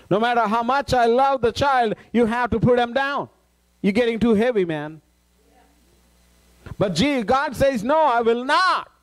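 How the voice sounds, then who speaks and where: A man with a strikingly high voice preaches to his congregation. He reads scripture slowly and then drives the point home, repeating key phrases for emphasis. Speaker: pastor. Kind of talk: sermon. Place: church.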